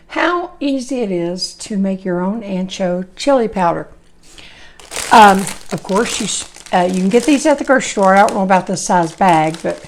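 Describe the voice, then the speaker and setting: Hoarse chatty woman cooking. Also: medium pitch, a little hiss or hum. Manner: chatty, folksy, rambling asides. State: hoarse, voice coming and going. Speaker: cooking channel host. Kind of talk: casual cooking demonstration.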